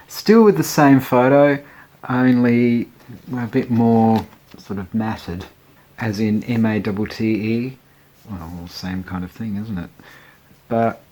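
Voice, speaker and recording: A man's voice: mid-range voice, a little mellow. Chatty guy going through his records, laughs at his own jokes a lot. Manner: chatty, rambling, often chuckling. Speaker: record collector. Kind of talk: casual chat showing records.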